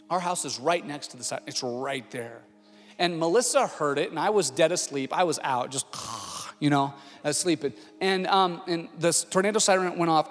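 Male pastor, high voice, animated sermon, long hall reverb, faint background music. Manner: animated storytelling, shifts from hushed to shouting. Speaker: lead pastor. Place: church auditorium.

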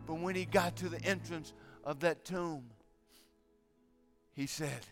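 An older man preaching as a guest speaker, telling stories in a halting way that often repeats words. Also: high-pitched, steady tone, soft background music. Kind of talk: sermon.

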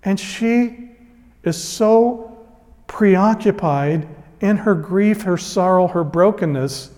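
A man's voice: high-pitched, slow, darkish tone, big-room sound. A man preaching a sermon as a pastor, retelling a scripture story in an earnest, emphatic way.

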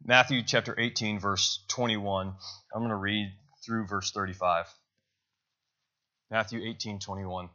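A man's voice: on the low side, steady tone, unhurried, pushed and bright, highs cut off. A man preaching a sermon to a congregation in a loose, conversational way, correcting himself as he goes and checking in with "right?". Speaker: pastor. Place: church service.

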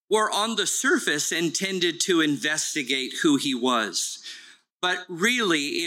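A man's voice: a little high, pushed and bright, low-quality recording. A man preaching a sermon as pastor, in an earnest storytelling way.

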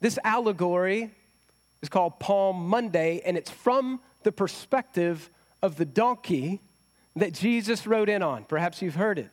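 High-voiced man preaching a sermon. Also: lively intonation, a little slow. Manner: conversational, asks rhetorical questions. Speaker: pastor.

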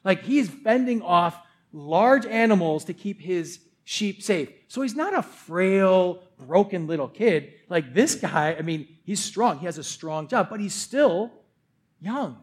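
A male pastor giving a sermon in a loose, chatty way that feels like talking with friends. His voice sits notably high for a man, and he leans on "like" as he talks. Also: expressive, unhurried. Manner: casual, conversational, uses "like" a lot.

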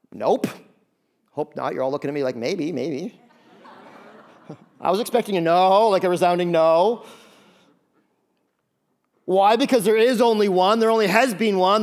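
High-voiced, animated male pastor. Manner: animated, joking, conversational. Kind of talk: sermon. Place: church before a congregation.

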